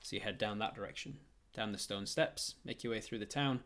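A man's voice: on the low side, a little fast, fairly bright tone. A man narrating a tabletop game as game master, rambling with frequent fillers and restarts.

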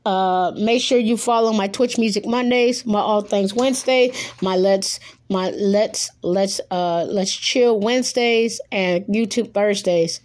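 A woman with a mid-range, slightly mellow voice hosts her own podcast, chatting casually on her own. She rambles, corrects herself, seems a little nervous, and rushes through her plugs.

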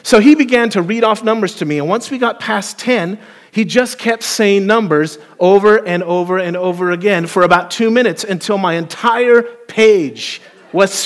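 A man preaching a sermon as pastor, telling a story with playful, animated asides to the congregation. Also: high voice. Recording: long hall reverb.

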